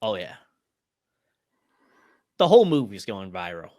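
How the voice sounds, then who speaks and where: A man from Ireland talking in an animated, casual way on a podcast, full of fillers and quick impressions. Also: on the low side, dry recording, studio quality. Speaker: podcast panelist. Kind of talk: casual chat.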